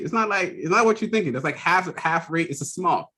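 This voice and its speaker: A man hosting a podcast in casual chat, telling animated stories, laughing often mid-sentence and acting out other people's voices. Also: a little high, brisk, few pauses. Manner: animated storyteller who acts out quoted voices. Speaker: podcast host.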